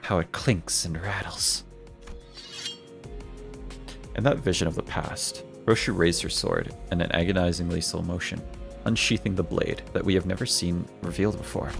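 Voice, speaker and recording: A man's voice: low-pitched, brisk, vocal fry, music in the background. A male streamer reading a game's story text aloud, often restarting words he stumbles on.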